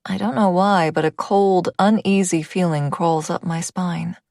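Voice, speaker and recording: A woman's voice: fairly low pitch, steady tone, measured pace, creaky, a little mellow, dry recording, studio quality. A woman reading a first-person audiobook, intimate in tone and dropping to a whisper at tense moments. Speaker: audiobook narrator.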